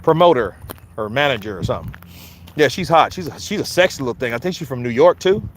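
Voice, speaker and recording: A man's voice: mid-range voice, lively intonation, quick pace, slight background noise. A man with a Philadelphia accent hosting casual boxing commentary, loose and joking, hyping things up with repeated chants. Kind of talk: casual live-stream chat.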